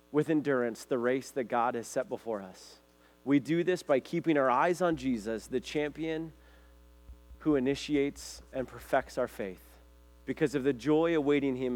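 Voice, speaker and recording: Male pastor, mid-pitched, earnest sermon delivery with scripture readings, faint hum under the voice.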